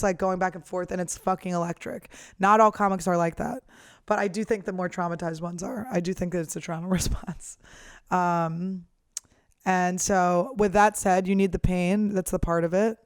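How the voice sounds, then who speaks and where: A woman's voice: medium pitch, clear, resonant tone, dry recording, clean studio sound. Blunt, foul-mouthed woman comedian. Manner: blunt, profane, lively ranting. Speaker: professional comedian, podcast host. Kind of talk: casual monologue.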